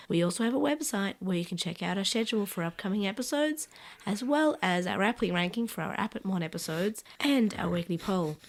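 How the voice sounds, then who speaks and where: A woman co-hosting a podcast in casual chat, with a croaky, raspy voice that is slowly going. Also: mid-range voice, a little mellow. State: croaky, losing her voice. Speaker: podcast co-host.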